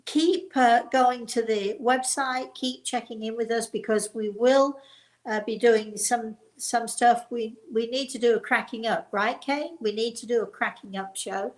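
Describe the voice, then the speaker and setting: Older woman, chatty, hoarse medium host. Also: a little high, fairly even intonation, measured pace, poor audio. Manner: chatty, encouraging and self-deprecating. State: hoarse, voice recovering. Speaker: psychic medium and show host. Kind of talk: live online call-in talk.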